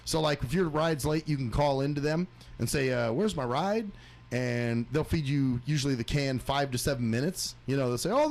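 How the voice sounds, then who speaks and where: A man hosting a talk radio show, telling a long story as a crude, profane rant, often laughing and acting out other people's voices. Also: mid-range voice.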